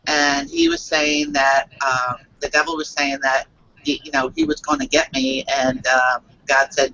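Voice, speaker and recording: A woman who works as a psychic reader tells a personal story on a video call, halting and earnest, with many fillers and restarts. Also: rumbling low, sing-song, creaky, bright, forceful tone, dull audio, a little hiss or hum.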